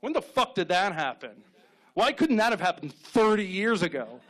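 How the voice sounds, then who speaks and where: A man in his thirties doing stand-up on a club stage, telling deadpan stories and acting out short quotes. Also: sits high. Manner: deadpan storytelling with quick acted-out quotes. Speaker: stand-up comedian. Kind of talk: stand-up set.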